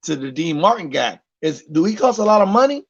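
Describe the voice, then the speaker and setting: A man's voice: on the high side, big pitch swings, brisk, vocal fry, lo-fi sound. A man co-hosting a podcast, chatting loosely and emphatically, looping back over his own words. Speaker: podcast co-host. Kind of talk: casual chat.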